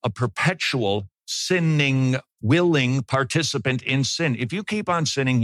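A man preaching a sermon to a congregation, emphatic, swinging between quiet, close passages and loud declarations. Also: medium pitch, lively intonation, moderate pace, hardly any pauses, no echo. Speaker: pastor. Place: church congregation.

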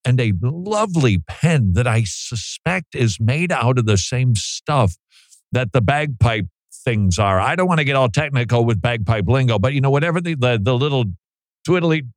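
Hosting a radio program, a man talks casually and jokingly, laughing often. His pitch is medium, and the recording is dry.

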